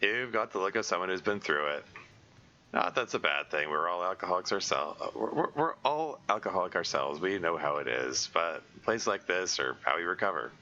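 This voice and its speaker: A man voicing a friendly middle-aged alcoholic dad in a visual novel, speaking in a low, easygoing way. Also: animated, a little fast, sharp tone, lo-fi sound, heavily acted.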